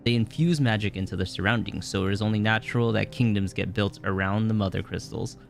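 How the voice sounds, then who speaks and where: A man's voice: lowish voice, fast talker, gravelly, soft background music. A young man streaming a video game, giving rambling casual commentary full of fillers.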